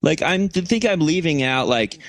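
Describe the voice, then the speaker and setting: A man's voice: fairly high pitch, animated, moderate pace, no room sound. A man co-hosting a comedy podcast, telling a long story in a rambling casual way with lots of fillers. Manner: rambling storytelling with many fillers and acted quotes. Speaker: podcast co-host.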